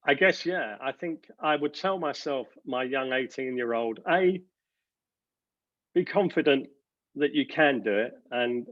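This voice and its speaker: A company director giving earnest interview answers, halting with many fillers and restarts. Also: male voice, mid-range voice, no room sound, muffled recording.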